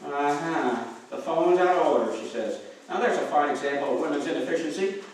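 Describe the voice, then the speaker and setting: A man's voice: fairly high pitch, a little fast, far from the mic, close to an everyday voice. A man playing a blustering radio husband. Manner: blustering, boastful, exclaiming. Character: blustery boastful middle-aged husband McGee. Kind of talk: 1940s radio acting. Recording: echoey old radio recording with faint noise.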